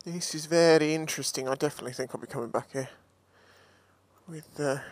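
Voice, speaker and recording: A man's voice: fairly high pitch, steady tone, a little fast, no echo. A man vlogging a motorbike ride, chatting and joking to himself and his viewers through a helmet mic. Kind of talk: casual running commentary. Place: riding a motorbike on the road, later walking a scrap yard. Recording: loud wind and road noise.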